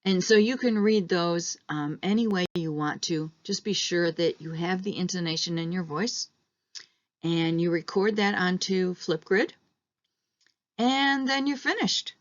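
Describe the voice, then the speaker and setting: A woman teacher walks students through pronunciation exercises at a slow, patient pace, acting out sample questions to show intonation. Her mid-range voice is recorded dry and slightly dull, with a lo-fi edge. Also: on the low side, no echo. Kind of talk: online class instructions.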